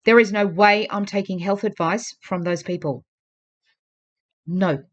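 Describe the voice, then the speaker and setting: Woman vlogger, mid-pitched, talks to camera in an earnest, pleading, emphatic way. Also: a little slow. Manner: earnest, urging, repeats pleas for emphasis. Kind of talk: casual talk to camera.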